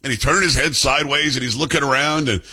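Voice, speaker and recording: Blunt New York man with a husky voice. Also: medium pitch, fast, sharp tone. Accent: New York Italian-American. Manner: blunt, sarcastic. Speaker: political commentary host. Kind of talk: opinionated commentary.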